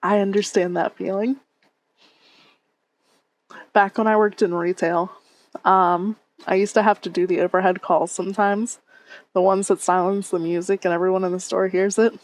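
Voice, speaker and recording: A woman's voice: mid-range voice, flat delivery, moderate pace, long pauses. A woman streamer chatting casually with her viewers on a headset mic, reading and answering chat and laughing often.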